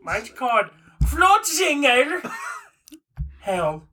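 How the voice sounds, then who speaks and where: Bright-voiced joking podcast co-host. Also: male voice, extremely high pitch, big pitch swings. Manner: profane, joking, quick comebacks. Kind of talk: casual chat.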